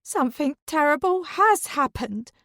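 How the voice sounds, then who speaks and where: Woman doing a shrill sobbing older woman. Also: lively intonation, unhurried, a bit bright, no echo, clean studio sound, exaggerated voice. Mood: wailing. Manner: shrill, wailing, sobbing outbursts. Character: distraught middle-aged woman, theatrical, tearful. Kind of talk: audiobook character voice.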